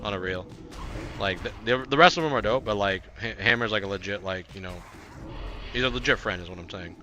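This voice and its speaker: Bright-voiced, laid-back male gaming streamer. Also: lowish voice, a little fast, a little hiss or hum. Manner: laid-back, swearing, rambling with many fillers; bursts into frantic yelling during fights. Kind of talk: casual live-stream chat while gaming.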